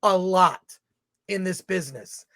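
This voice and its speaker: A man's voice: high voice, measured pace, a bit bright, dry recording, studio quality. A man co-hosting a casual film review chat, opinionated and blunt, rambling through his thoughts.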